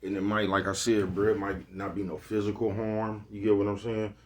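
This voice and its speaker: A man's voice: on the low side, monotone, fairly quick. A man giving a laid-back motivational vlog monologue, who keeps repeating "you know what I'm talking about.". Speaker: vlogger.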